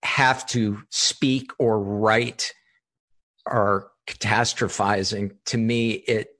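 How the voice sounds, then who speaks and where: A middle-aged man hosting a podcast interview, talking in a thoughtful, halting way with many restarts. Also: on the low side, fairly even intonation, bright, forceful tone, dry recording. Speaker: podcast host. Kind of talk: conversational interview.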